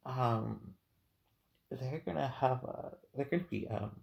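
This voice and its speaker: A man's voice: medium pitch, slow pace, gravelly. A man giving an unscripted tarot reading, hesitant and full of ums, heartfelt and teary-eyed. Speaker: tarot reader.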